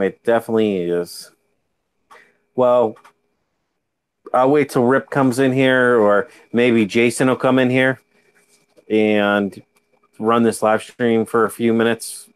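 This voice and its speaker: A man's voice: fairly low pitch, clean tone. A tired man in laid-back chat, hosting a fishkeeping livestream from home and reading viewer comments aloud. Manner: laid-back, drawling, jokey. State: tired, yawning. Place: home, during a video-call livestream. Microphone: computer mic.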